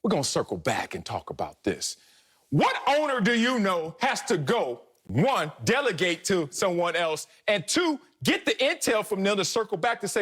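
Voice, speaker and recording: Animated high-voiced sports talk man. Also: a little fast. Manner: emphatic, theatrical, teasing. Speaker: sports talk show co-host.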